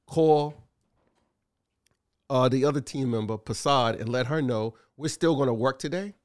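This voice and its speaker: A man co-hosting a casual talk show, telling animated stories with lots of fillers and acted-out quotes. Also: mid-range voice, moderate pace. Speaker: co-host, store owner. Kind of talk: casual chat.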